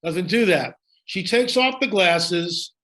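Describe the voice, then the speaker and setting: A man's voice: high-pitched, animated, takes it slowly, sharp tone. A man telling a story in conversation, emphatic and dramatic, repeating lines for effect. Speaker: guest storyteller.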